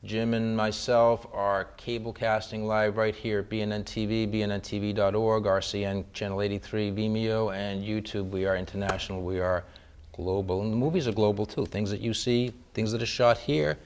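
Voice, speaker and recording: Low-voiced man hosting a cable show. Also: flat delivery, moderate pace, smooth. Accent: Boston. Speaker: talk show host.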